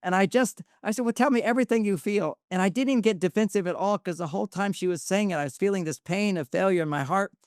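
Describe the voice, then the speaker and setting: A man's voice: high-pitched, fast, few pauses, clear, resonant tone, dry recording, studio quality. An older man, a guest relationship expert, telling personal stories in an earnest, confiding way that circles back and restarts. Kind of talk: reflective personal storytelling.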